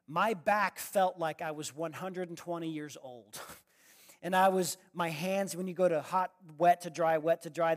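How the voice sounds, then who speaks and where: A man giving a storytelling sermon, swinging from loud exclamations to quiet asides and putting questions to the audience. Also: high voice. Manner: addresses the audience directly with questions. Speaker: speaker.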